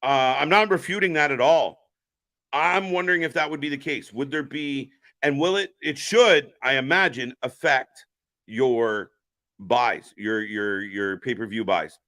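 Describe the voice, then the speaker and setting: This live stream host reacts to wrestling in an unhurried, mid-range voice that sounds pushed and bright. He rambles through profane, joking commentary while responding to his viewers in chat.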